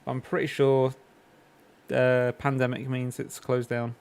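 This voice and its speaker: An English man talking casually during a game stream, wandering from story to story. He fills pauses with frequent "uh"s and restarts, keeping a loose, chatty flow. His pitch sits in an ordinary middle range. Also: flat delivery, gravelly, darkish tone, clear, resonant tone. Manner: rambling, anecdotal, many fillers. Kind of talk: casual chat while gaming.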